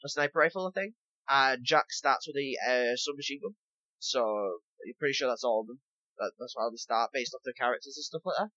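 Bright-voiced rambling podcast guy. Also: medium pitch, fairly quick, no echo, highs cut off. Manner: rambling, repeats himself, lots of "basically" and "obviously". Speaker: podcast co-host. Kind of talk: casual gaming podcast chat.

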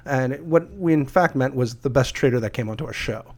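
A man's voice: mid-range voice, a little fast. A man presents award categories on a podcast in an easygoing style. He wanders through his sentences with many fillers and light jokes. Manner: relaxed, filler-heavy, joking. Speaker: podcast co-host. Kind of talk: casual podcast chat.

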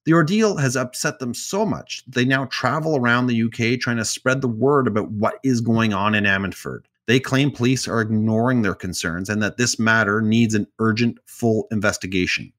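A man's voice: medium pitch, normal speed, few pauses, fairly bright tone. Chatty man retelling odd stories. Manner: summarizes stories loosely with asides and jokes. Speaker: podcast co-host telling stories. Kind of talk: casual storytelling chat.

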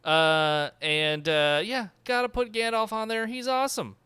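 A man's voice: sits high, steady tone, unhurried, bright, forceful tone, clean tone, no echo. A man co-hosting a casual podcast chat, playful with theatrical flourishes.

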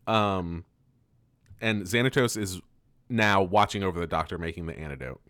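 A man co-hosting a casual podcast, recapping a cartoon episode with frequent laughter and quick silly voices for the characters. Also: sits low, fairly bright tone, no room sound. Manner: laughs often, loose and profane, acts out lines in quick silly voices. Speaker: podcast co-host.

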